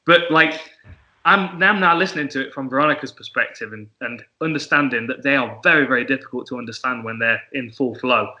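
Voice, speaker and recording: A man's voice: mid-range voice, a little fast, bright, forceful tone, dull audio. A man hosting a podcast, telling sweary stories and laughing often in casual chat. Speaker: podcast host.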